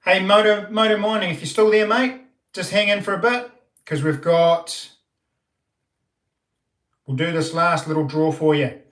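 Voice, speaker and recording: A man's voice: high-pitched, fairly even intonation, measured pace, pauses often, fairly bright tone, echoey room. A man with a New Zealand accent hosting a casual live stream, rambling along with lots of ums and restarts.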